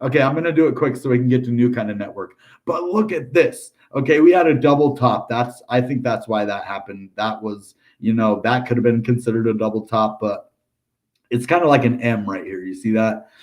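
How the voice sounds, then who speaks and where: A man's voice: mid-range voice, fairly quick. An American man hosting a crypto channel, talking casually through price charts with lots of filler words and upbeat asides. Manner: chatty, upbeat, lots of ums and dude. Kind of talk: casual chart analysis livestream.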